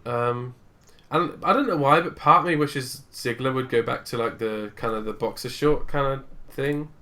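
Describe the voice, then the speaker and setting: A man's voice: mid-range voice, normal speed, bright, forceful tone. A man co-hosting a podcast in a rambling, casual chat, tired with a dry, sore throat. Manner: chatty, rambling, self-interrupting. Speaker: podcast co-host.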